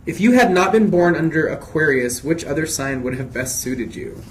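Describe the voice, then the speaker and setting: A man's voice: a little high, moderate pace. Chatty man reading fan questions. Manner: chatty and expressive, often restarting sentences. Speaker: singer answering fan questions. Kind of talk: casual live Q&A, reading questions aloud.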